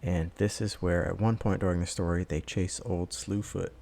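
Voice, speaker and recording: A man with a very low voice and a gravelly, fried edge talks his viewers through his footage in a loose, easygoing voice-over. He rambles a little and drops in plenty of "uh"s and "um"s as he goes. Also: moderate pace. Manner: rambling, relaxed, many filler words. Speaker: vlogger. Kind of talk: casual voice-over narration.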